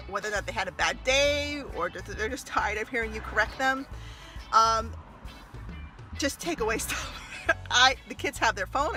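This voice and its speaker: A woman talking casually to camera as a mother and former early childhood teacher, animated and laughing often as she acts out little scenes. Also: fairly high pitch. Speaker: mother giving parenting tips. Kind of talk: casual advice vlog to camera.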